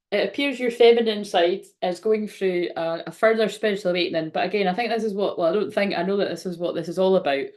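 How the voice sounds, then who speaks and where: A woman hosting a casual live-stream tarot reading, chatting to viewers, laughing often and swearing casually. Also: lowish voice. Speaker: tarot card reader and livestream host.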